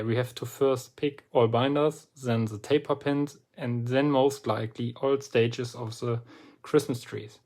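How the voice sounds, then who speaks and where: Slow, deliberate man explaining a lock. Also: mid-range voice, a little mellow. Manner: slow and deliberate, pauses often between phrases. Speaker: lock picking hobbyist presenting a lock. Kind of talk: relaxed instructional walkthrough.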